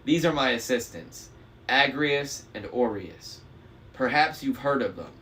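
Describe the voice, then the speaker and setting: A man voicing a smug young male traitor demigod, smooth, mocking and persuasive. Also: medium pitch, lively intonation, unhurried, fairly bright tone. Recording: faint noise, slightly distant mic.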